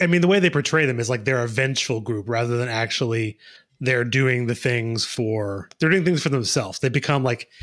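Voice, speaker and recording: A man's voice: medium pitch, fairly bright tone. A man co-hosting a podcast, talking through a film in a loose, rambling way with lots of fillers and restarts. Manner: rambling, hedging with many fillers. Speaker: podcast co-host. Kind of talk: casual movie discussion.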